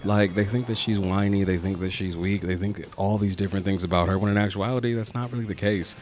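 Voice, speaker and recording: A man's voice: low-pitched, fairly even intonation, fast, a little mellow. A young man hosting a comic book podcast, narrating a video essay in a casual, joking way with some swearing. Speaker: podcast host.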